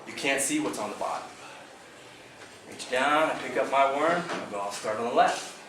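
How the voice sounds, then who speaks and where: A man in a club meeting, telling an excited fishing story and acting out the sounds and the things people said. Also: mid-range voice, normal speed. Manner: excited, vivid, acts out sounds and quotes. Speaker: bass fishing club member. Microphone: far camera. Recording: roomy, distant camera audio with background noise.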